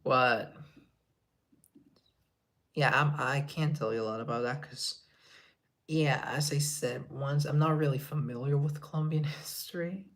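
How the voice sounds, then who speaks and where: A man chatting on a relaxed live stream, taking his time over every answer. He reads the chat aloud and replies, sometimes slipping into a hushed whisper for an aside. His pitch sits in an ordinary middle range. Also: unhurried, pauses often.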